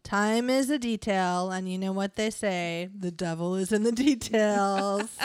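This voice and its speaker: A woman's voice: mid-range voice, clear, resonant tone, dry recording, lightly acted. A woman reading the part of a sly male devil applying for a job, full of suggestive puns. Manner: suggestive, punning, slow and drawling. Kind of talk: reading a comedy script aloud.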